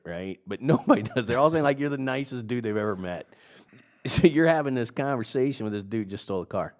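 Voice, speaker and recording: A man hosting an interview, animated and joking, pushing his guest with questions. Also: mid-range voice, fast. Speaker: interview host. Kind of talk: casual interview.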